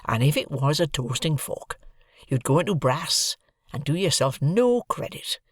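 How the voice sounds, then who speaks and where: A man voicing a slow, kindly village blacksmith who talks in plain rustic dialect, weighing every word. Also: on the high side, big pitch swings, slightly rough, dry recording, studio quality, full character voice. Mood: ponderous.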